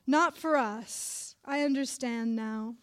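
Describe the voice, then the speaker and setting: A woman's voice: fairly high pitch, takes it slowly. A woman voicing an elderly immigrant grandmother who nags, scoffs and speaks in emphatic, ungrammatical English. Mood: insistent.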